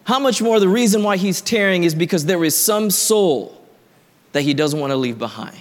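A man preaching in a large hall with a long, echoing reverb. His voice sits a little high, and he tells his story conversationally, building to emphatic points. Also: lively intonation, normal speed. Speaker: pastor. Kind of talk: sermon.

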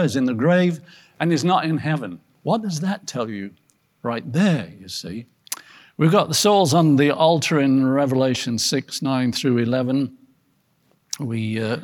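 A man, a pastor, teaching a Bible study class in an earnest way, asking rhetorical questions, his loudness rising and falling. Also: a little high.

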